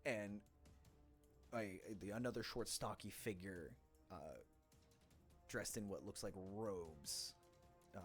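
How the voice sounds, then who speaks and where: A man's voice: lowish voice, a little slow, pauses often, soft background music. A man narrating a tabletop game as game master in a loose, rambling way.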